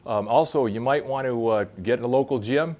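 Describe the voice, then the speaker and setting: Casting note: older man in his sixties, plain-spoken coach talking through exercises as he demonstrates them, mid-pitched voice. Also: normal speed, dark tone. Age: 60s. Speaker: fitness instructor for fly fishers. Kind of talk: casual instructional demo. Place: outdoor covered veranda in a park.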